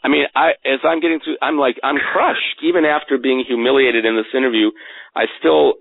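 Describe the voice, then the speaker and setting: A man telling a personal story as a guest in an interview, earnest and animated, often stumbling over repeated words, heard over a tinny phone line. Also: medium pitch, a little fast, gravelly, no room sound. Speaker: guest author.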